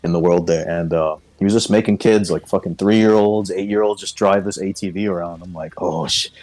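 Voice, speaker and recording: A man's voice: deep voice, fairly even intonation, fairly quick, warm tone. A man co-hosting a podcast, telling a story in casual chat, swearing often and laughing through it. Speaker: podcast co-host.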